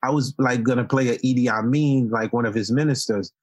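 Relaxed Haitian-born man telling stories. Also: medium pitch, a little fast, dry recording. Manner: relaxed storyteller, laughs often, playful. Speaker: interview guest. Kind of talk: casual interview.

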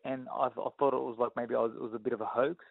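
A man's voice: mid-range voice, steady tone, very fast, vocal fry, no room sound. An Australian man in his thirties, a boxer telling stories in an interview, often saying "you know what I mean". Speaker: guest boxer. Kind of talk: casual interview storytelling. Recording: dry tinny phone-like sound.

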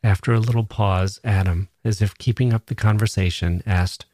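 Man, low voice, literary narration, measured, dry close sound. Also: fairly even intonation, a little mellow, no room sound. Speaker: audiobook reader.

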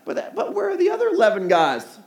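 A man's voice: very high-pitched, huge pitch swings, quick pace, creaky, echoey room. A man preaching a sermon in a conversational way, asking the crowd rhetorical questions. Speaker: pastor. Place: church hall.

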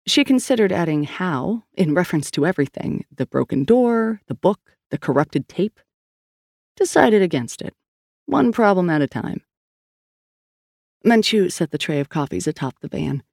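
An audiobook narrator, a man, reads a story in a steady, scripted voice at a moderate pace. His slightly high tone has a gravelly grain, and he's recorded close on a studio mic in a dry, dead room.

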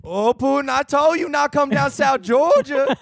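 A man putting on an angry old man who threatens to whip someone with a switch, scolding in a slow drawl. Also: very high-pitched, vocal fry, dry recording, studio quality, pitched above the performer's own voice.

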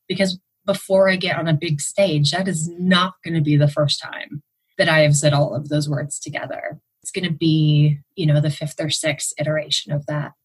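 A woman's voice: on the low side, husky. A woman on a podcast panel explaining, in a matter-of-fact way, how she rehearses her talks. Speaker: podcast guest. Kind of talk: casual podcast discussion.

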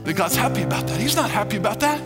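A male pastor preaching a sermon to a congregation, emphatic and animated, laughing as he goes. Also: high-pitched, very fast, over loud music.

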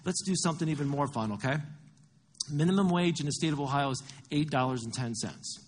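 A man's voice: on the high side, fairly quick. A male pastor preaching a conversational sermon, walking his listeners through scripture and working out sums aloud.

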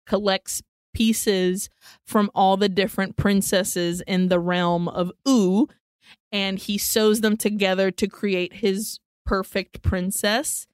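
Smooth-voiced woman podcast co-host. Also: medium pitch, slow, no echo, clean studio sound. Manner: animated, swearing, acts out lines. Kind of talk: casual chat recapping a film.

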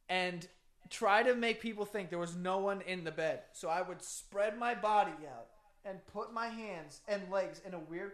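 A man in his twenties co-hosting a podcast, telling stories in an animated, swearing casual chat. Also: high-pitched. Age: 20s. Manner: animated storyteller, swears freely. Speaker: podcast co-host.

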